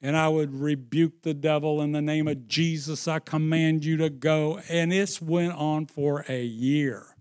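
Guy preaching real slow, kinda high voice, goes quiet then punches it up. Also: fairly even intonation, clean tone. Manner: slow, emphatic, swings into sung and shouted phrases; drops to a hushed storytelling tone. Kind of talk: sermon.

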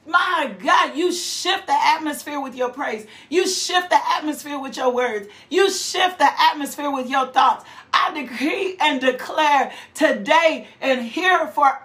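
A woman's voice: sits high, measured pace, few pauses, fairly bright tone. A middle-aged woman preaching a fervent sermon, repeating phrases in a rhythmic, rousing way. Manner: fervent, rhythmic repetition, exhortations.

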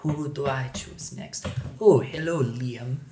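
A man's voice: mid-range voice, mellow, slight background noise, close to an everyday voice. Man doing a menacing gray tribal chief. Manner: formal, slow and threatening. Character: large gray male tribal leader, cold and menacing. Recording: echoey room.

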